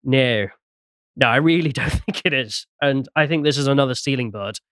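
A podcast host leads a casual chat, laughing often and reading posts aloud. His mid-range voice is fairly bright, clear, and resonant at normal speed, captured in a dry, studio-quality recording.

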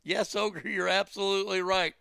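A man's voice: high voice, fairly even intonation, moderate pace, creaky, bright, forceful tone. A man hosting a talk show, ranting bluntly and swearing casually as he riffs on the news. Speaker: radio talk show host. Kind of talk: profane casual monologue.

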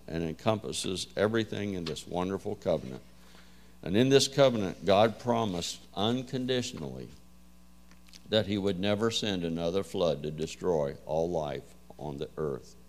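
A man preaching a Bible lesson in a folksy, conversational way, with frequent fillers and relaxed storytelling. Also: medium pitch. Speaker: preacher teaching a Bible class. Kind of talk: sermon.

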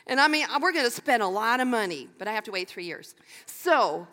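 Older woman, pastor, sermon, animated, laughs easily, repeats key phrases, long hall reverb. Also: fairly high pitch, normal speed.

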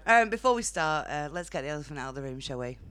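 Young Northern English woman, low-pitched, blunt stand-up delivery in a comedy club. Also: expressive, quick pace, a bit bright, slight background noise. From Northern England. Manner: blunt, chatty, laughs at own jokes. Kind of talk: stand-up set.

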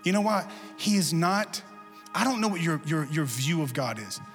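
A male pastor giving a lively, conversational sermon full of humor in a church. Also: on the high side, moderate pace, long reverb tail, faint music behind. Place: church sanctuary.

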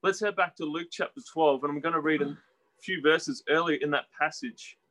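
A man delivers a sermon in a bright, fairly high voice. He talks in a conversational way, asking his listeners questions and acting out the quoted voices with lively shifts in pitch. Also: normal speed, poor audio. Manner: animated, acts out quoted voices with rising pitch. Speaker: preacher.

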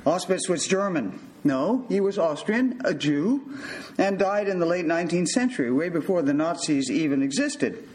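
An older male physician giving a storytelling talk in a measured, wry manner. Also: fairly high pitch, expressive, a little mellow, low-quality recording.

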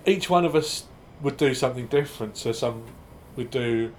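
A man with a middle-of-the-road pitch chats casually as an interview guest. He talks in quick, self-deprecating bursts and often restarts his sentences. A faint hum of background noise sits under his voice. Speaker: improv performer guest.

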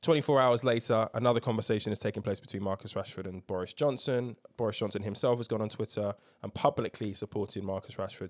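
A man's voice: lowish voice, fast, hardly any pauses. A man hosting a casual current-affairs podcast, telling a story emphatically with swearing and lots of ums. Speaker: podcast host.

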